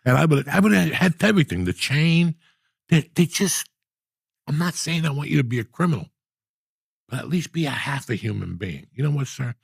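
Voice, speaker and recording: Man in his sixties, gravelly husky voice, dry close sound, profane animated storyteller. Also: fairly high pitch, a little fast, no room sound. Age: 60s. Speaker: podcast host. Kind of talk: casual storytelling.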